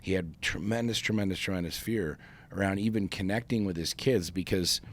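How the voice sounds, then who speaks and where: A man's voice: sits low, a little fast. A man co-hosting a podcast, telling a story in casual chat with emphatic, profane phrasing and frequent restarts. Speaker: podcast co-host.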